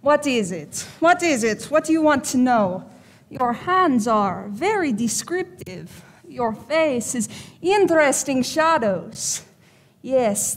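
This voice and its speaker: A woman's voice: sits high, big-room sound. A woman playing a blunt, wisecracking fake fortune teller in a stage play.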